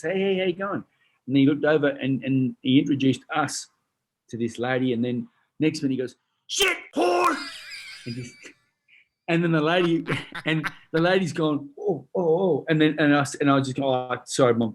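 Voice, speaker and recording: An Australian man telling stories in a casual chat, animated and swearing freely, acting out the other people's voices. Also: mid-range voice, a little hiss or hum. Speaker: guest, retired boxer. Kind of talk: casual storytelling.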